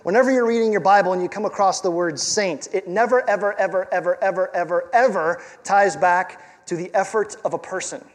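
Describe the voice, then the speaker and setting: A man's voice: high voice, fairly quick, hardly any pauses, in a large hall. A male pastor preaching a sermon in a conversational, emphatic way, with rhetorical questions and repeated words for stress.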